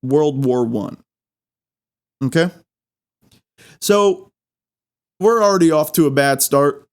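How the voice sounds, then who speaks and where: A man hosting a podcast, telling a comic story in a rambling, excitable way and repeating words for laughs. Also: a little high, slow, pauses often. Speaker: podcast host. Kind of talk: comedic storytelling monologue.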